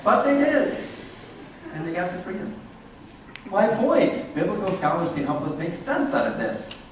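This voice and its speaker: A man's voice: sits high, moderate pace, slight background noise. A man giving a humorous, sarcastic lecture to an audience. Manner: sarcastic, animated. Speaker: speaker giving a talk to an audience. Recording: echoey hall, distant mic.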